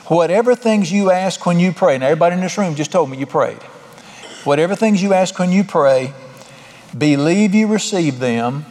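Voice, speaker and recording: A man's voice: fairly high pitch, darkish tone. Folksy preacher man in a reverberant church. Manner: folksy, conversational preaching with repeated "all right". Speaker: pastor. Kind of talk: sermon.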